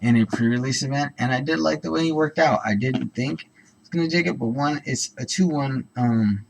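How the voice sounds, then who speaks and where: A man's voice: medium pitch, moderate pace, vocal fry, poor audio. A man talking casually through cards one by one, rambling with lots of ums and self-corrections. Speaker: card-opening channel host. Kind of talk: casual card-by-card commentary.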